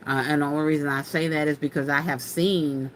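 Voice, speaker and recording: A woman's voice: low-pitched, fairly even intonation, brisk, a little hiss or hum. A woman hosting a casual craft livestream, chatting folksily and laughing often as she answers viewer comments.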